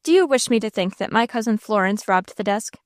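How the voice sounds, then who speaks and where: A woman voicing a cold, scheming young gentleman villain in an audiobook, speaking coolly and sternly. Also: mid-range voice, lively intonation, brisk, dry recording, studio quality, close to an everyday voice. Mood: sneering. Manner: cool, stern, sneering.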